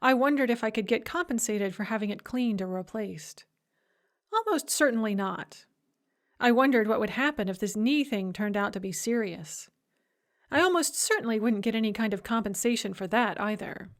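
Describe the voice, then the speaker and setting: A woman's voice: on the high side, lively intonation, normal speed. A woman reading an audiobook in a wry, dry first-person storytelling voice. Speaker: audiobook narrator.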